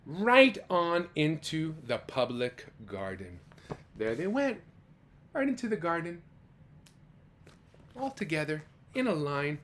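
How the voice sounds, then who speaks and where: A man reads a children's storybook aloud in a warmly animated, sing-song way, with a voice that rises and falls widely. He pauses to gasp, exclaim and ask his young listeners questions. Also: fairly high pitch, slight background noise. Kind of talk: reading a picture book aloud to children.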